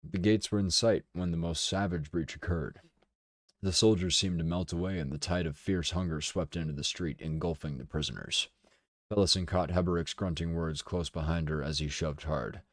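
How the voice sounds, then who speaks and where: A man streaming a dramatic reading of a novel, steady and deliberate, with casual asides. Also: sits low, no echo, clean studio sound. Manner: steady, deliberate narration with occasional swearing asides.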